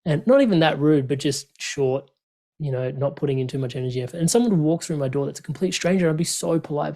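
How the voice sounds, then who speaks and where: A man, speaking openly and earnestly in a relaxed conversation, with many fillers and restarts. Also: a little high, fast, gravelly. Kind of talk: reflective conversational chat.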